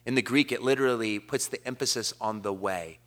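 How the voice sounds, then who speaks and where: A man preaching a sermon, quoting scripture in a measured cadence and building to slowed, emphatic declarations. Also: medium pitch. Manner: impassioned preaching. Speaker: pastor.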